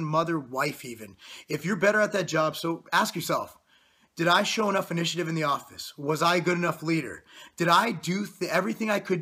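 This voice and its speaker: Man in his thirties, fitness vlogger, blunt profane motivational rant; bright, husky tone. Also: a little high. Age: 30s. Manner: blunt, profane, intense pep talk.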